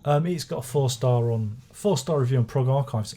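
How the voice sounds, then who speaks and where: A man talks through an album review in a loose, rambling way, full of sarcasm, swearing and false starts. His voice is mellow and a little husky, and he sounds like he is chatting off the cuff rather than reading from a script. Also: medium pitch, normal speed. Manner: sardonic, swearing, rambling with restarts. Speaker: music reviewer. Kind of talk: casual spoken album review.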